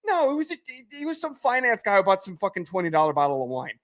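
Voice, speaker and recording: A man co-hosting a podcast, telling animated stories in casual chat and swearing freely. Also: high-pitched, quick pace. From United States. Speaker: podcast co-host.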